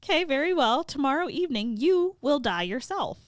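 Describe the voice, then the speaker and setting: Brief: woman playing a menacing fiend posing as a young man, retold casually, lively intonation. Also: high voice, brisk, no echo, studio quality, voice pushed up. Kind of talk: casual podcast story retelling.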